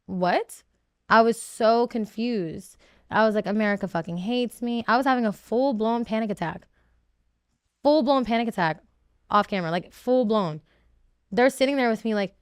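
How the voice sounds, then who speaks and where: Emotional rambling woman, smooth voice. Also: mid-range voice, moderate pace, no echo, studio quality. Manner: emotional, rambling with many "like"s and restarts. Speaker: reality show contestant guest. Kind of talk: candid podcast interview.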